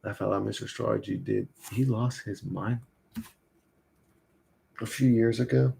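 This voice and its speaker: A man's voice: on the low side, steady tone, moderate pace, creaky, long pauses, warm tone. A man live streaming in a casual, rambling, profane way, reading and answering his chat.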